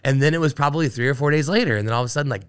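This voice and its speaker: A man, an Army veteran, telling a story as a podcast guest with animated, filler-heavy talk. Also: mid-range voice, rapid-fire, smooth. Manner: animated, full of fillers like "like" and "you know". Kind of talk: casual storytelling interview.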